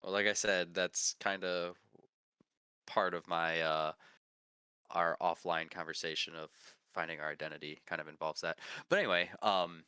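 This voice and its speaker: Super deep guy, smooth voice, rambly podcast chat, dry close mic. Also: fairly even intonation, normal speed, pushed and bright, no room sound. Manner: rambling, searches for words, laughs often. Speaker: podcast co-host. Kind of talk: casual chat.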